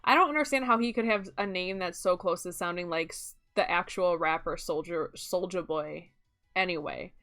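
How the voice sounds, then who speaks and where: A young woman with a Midwestern lilt talks casually through a game stream. Her voice is smooth and clean, and she wanders from thought to thought with frequent laughs. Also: on the low side, moderate pace, fairly bright tone, soft background music. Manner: chatty and rambling, often laughing. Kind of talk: casual chat while streaming gameplay.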